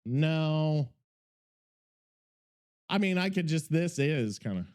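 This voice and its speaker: High, lively-voiced profane podcast host. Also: male voice, takes it slowly, long pauses. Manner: profane, scattered, self-interrupting, working while talking. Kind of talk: casual rambling podcast talk.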